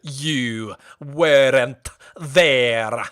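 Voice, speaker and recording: Davy Jones, a man doing a slow Scottish-tinged growl. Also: mid-range voice, fairly bright tone, smooth, voice pushed down. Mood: brooding menace. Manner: slow, heavy, dramatic drawl. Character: menacing cursed male sea captain, grim and brooding. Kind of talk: impression during a livestream.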